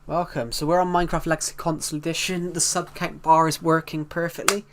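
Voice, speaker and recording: A man's voice: on the high side, flat delivery, a little fast, fairly bright tone. A man chatting casually on a live stream, greeting viewers and rambling as he reacts to the chat in front of a desktop mic.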